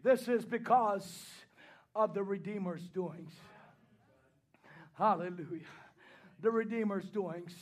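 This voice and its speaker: A man preaching in a very high voice at a slow, drawn-out pace. He swings from quiet pleading to loud shouted declarations and fills the pauses with rhythmic hallelujahs and amens. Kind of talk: sermon.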